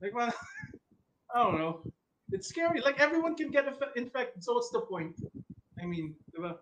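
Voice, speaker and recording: A man's voice: very high-pitched, sing-song, normal speed, fairly bright tone, slight background noise, rough recording. A man with a Filipino accent, co-hosting a casual podcast chat, joking around and swearing. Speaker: podcast co-host.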